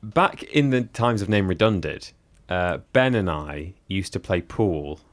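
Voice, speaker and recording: A man co-hosting a podcast, telling stories in a dry, unhurried way. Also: low voice, lively intonation. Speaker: podcast co-host. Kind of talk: casual chat.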